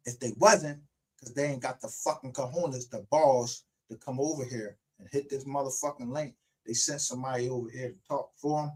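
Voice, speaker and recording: A man hosting his own livestream show, ranting in a heated, profane and confrontational way. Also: on the high side. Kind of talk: unscripted livestream rant.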